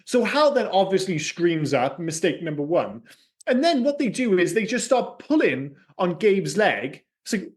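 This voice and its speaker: A man co-hosting a casual film podcast, ranting in an animated, profane way. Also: high voice, moderate pace. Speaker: podcast co-host.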